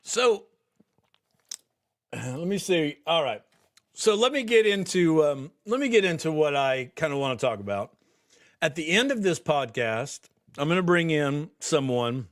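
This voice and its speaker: A man with a fairly high, sing-song voice talks at a measured pace. As a podcast host on a livestream, he reads comments from viewers and chats with them casually and ramblingly, laughing often and restarting what he's saying.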